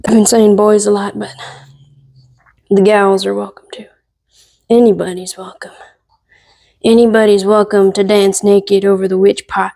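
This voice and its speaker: Jokey woman walking viewers through a recipe, mid-pitch voice, slips into whispers now and then. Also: warm tone. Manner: playful, joking asides to viewers. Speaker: cooking vlogger. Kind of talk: casual kitchen tutorial.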